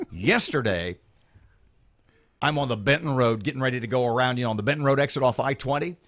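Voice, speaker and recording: Animated radio host rambling through a story. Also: male voice, medium pitch, fairly quick. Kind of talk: morning radio chat. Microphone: studio microphone.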